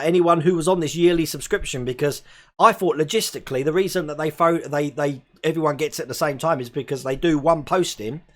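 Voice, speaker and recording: A man's voice: fairly high pitch, fairly bright tone. A man in his forties from England, hosting a live stream and chatting casually while reading viewer comments, laughing often. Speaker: host.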